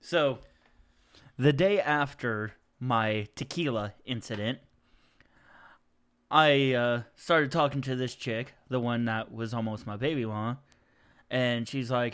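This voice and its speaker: A man's voice: medium pitch, a little slow, a bit bright, clear, resonant tone. A man as a podcast guest telling stories in a rowdy, profane, casual way. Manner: rowdy, profane, laughs often. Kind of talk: casual chat, storytelling.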